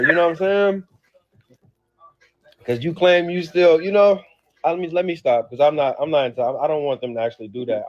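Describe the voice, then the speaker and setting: A man talking loosely on a livestream, laughing often and swearing freely as he rambles. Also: fairly high pitch. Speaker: livestream host reacting to family drama. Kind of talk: casual livestream talk. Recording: dull lo-fi sound.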